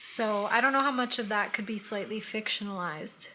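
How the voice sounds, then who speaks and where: Bright-voiced woman chatting casually. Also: medium pitch, moderate pace, a little hiss or hum. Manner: chatty, easygoing, trailing off mid-thought. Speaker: co-host. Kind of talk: casual chat while doing makeup.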